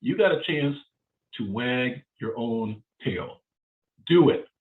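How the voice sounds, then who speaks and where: A man giving a live career seminar in an energetic, emphatic way, driving points home with short repeated phrases. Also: mid-range voice, slow pace. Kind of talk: motivational seminar talk. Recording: phone-like narrow band.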